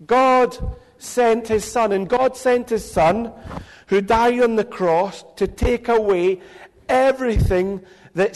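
A man leading a children's talk in a church service, speaking gently and playfully and calling children by name, into a handheld microphone. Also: high-pitched. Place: church hall with congregation. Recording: reverberant hall.

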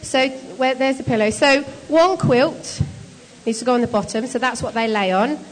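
A woman with a fairly high voice talks briskly, giving out tasks and teasing the people she is guiding in a casual, encouraging way. Her voice carries a long reverb, as if recorded from across a large hall. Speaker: shelter volunteer leader running a bed-making activity. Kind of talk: casual instructions to a group.

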